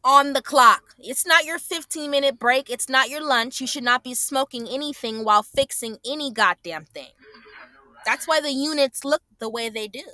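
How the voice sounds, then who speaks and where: Indignant high bright-voiced woman. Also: normal speed, no echo. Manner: indignant, profane, repeats phrases. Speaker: vlogger. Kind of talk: angry commentary over clips.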